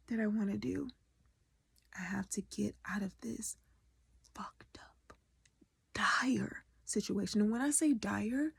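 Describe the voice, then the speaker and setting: A woman's voice: fairly high pitch, vocal fry, darkish tone, husky, no echo. A woman educator and artist venting in a raw, candid vlog, often dropping to a half-whisper and swearing freely.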